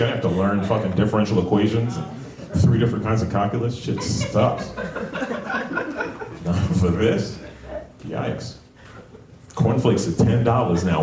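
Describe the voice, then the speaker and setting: A Brooklyn stand-up comic in his forties speaks with a low voice at normal speed, profane and conversational, full of rhetorical asides. He's in a comedy club before a live audience, recorded from a far mic in an echoey room with audience laughter and background noise.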